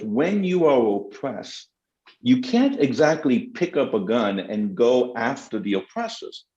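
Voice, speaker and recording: A man's voice: medium pitch, darkish tone. Middle-aged guy making his case with emphatic passion, roomy echo, kinda dull lo-fi sound. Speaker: guest speaker, theologian. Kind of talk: lecture-style answers in a panel talk.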